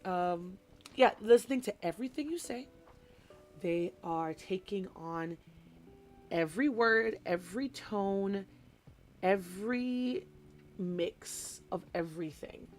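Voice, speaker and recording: Chatty young woman, slow, soft music. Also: mid-range voice. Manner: animated storytelling, mimics voices, chatty asides. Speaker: hobby streamer, teacher of young children. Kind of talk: casual chat while crafting.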